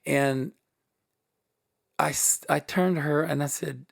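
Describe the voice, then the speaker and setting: A middle-aged Southern man tells stories as an interview guest. His voice has a gravelly edge, and his delivery is animated, swinging up and down in pitch and breaking into laughs. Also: slow. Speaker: guest, production company head. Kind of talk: storytelling interview.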